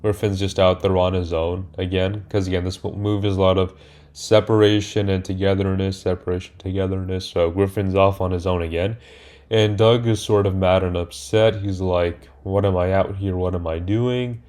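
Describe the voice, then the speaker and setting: Deep-voiced man rambling through a film recap. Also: level tone, normal speed, a little mellow. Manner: rambling, hesitant, many fillers and self-corrections. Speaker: movie reviewer. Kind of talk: casual spoken film recap.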